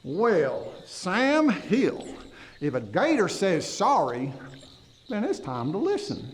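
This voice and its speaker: Playing a goofy, folksy backwoods storyteller, a man who is a kids' dental educator tells tall tales to children in a drawl. His voice is high-pitched and exaggerated, slow-paced and animated.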